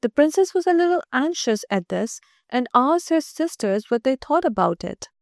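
A woman reads a storybook aloud in a gentle, measured voice. Her voice sits high, and the recording is dry and close with no room echo. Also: big pitch swings. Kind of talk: storybook reading.

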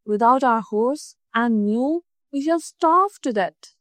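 A woman's voice: on the high side, expressive, takes it slowly, no room sound. A woman voicing a poor old woodcutter, an anxious, mournful father, in a storybook reading. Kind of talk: storybook narration.

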